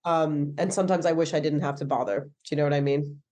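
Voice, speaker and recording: A woman's voice: low voice, steady tone, quick pace, dark tone. Woman in her thirties, American accent, chatty, lots of "like"s, casual interview. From England. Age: 30s. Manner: chatty, many "like"s and self-corrections. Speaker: stand-up comedian.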